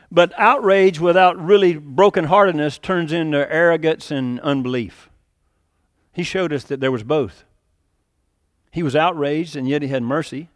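Male pastor, high pitched, dramatic sermon delivery, dry close recording. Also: no room sound. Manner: animated preaching, acting out quotes with sudden rises and drops.

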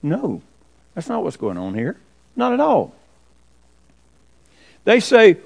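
A man preaching a sermon, firing rhetorical questions and swinging from forceful to hushed. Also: on the high side, wildly swooping pitch, a little slow, vocal fry, long pauses. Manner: emphatic, rhetorical questions, sudden drops to quiet.

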